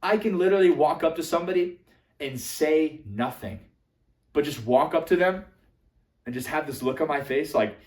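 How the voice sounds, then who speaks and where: A young man coaching on social skills, animated and casual, swinging between loud emphatic bursts and quiet asides, now and then swearing for emphasis. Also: a little high, normal speed. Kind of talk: energetic coaching monologue to camera. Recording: echoey room.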